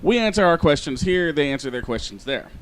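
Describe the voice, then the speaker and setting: A man's voice: a little high, expressive, brisk. A man hosting a podcast in casual banter, joking and sarcastic, swearing freely and rattling off sponsor plugs. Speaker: podcast host.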